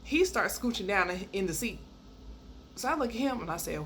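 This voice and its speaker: A woman telling a personal story in a casual, animated way, laughing as she goes and jumping high when she acts out quoted lines. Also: quick pace. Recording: faint background noise.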